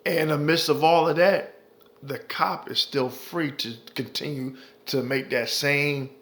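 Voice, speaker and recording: Male commentary vlogger: heated, profane delivery, slightly raised pitch, hammers points through repetition. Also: steady tone, a little slow, a bit bright. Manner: profane, heated, repeats himself for emphasis. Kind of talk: impassioned ranting commentary.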